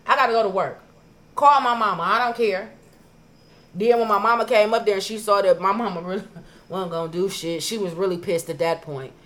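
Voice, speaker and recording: A woman on a podcast telling stories in casual chat, profane and animated, acting out her own past arguments. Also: mid-range voice, fairly quick. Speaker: podcast co-host.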